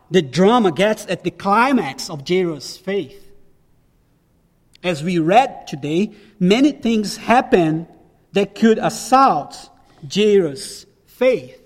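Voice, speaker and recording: A man's voice: high-pitched, big-room sound. A man preaching a sermon as a pastor, emphatic and repeating key phrases for weight.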